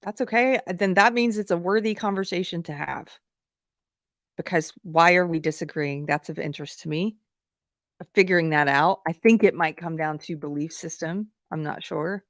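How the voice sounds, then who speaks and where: An outspoken woman hosts a livestream in casual, chatty commentary. Her voice sits slightly low for a woman, and the sound is dry and close with no room around it. She talks frankly, like she is hanging out with her viewers. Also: moderate pace, dry recording. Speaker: livestream host.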